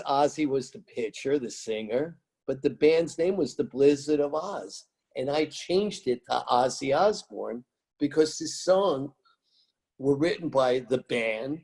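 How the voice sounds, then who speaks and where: A man's voice: on the high side, a little mellow, slightly rough. An American man telling music-business stories in an interview, emphatic and rambling, repeating his phrases. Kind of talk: animated storytelling interview.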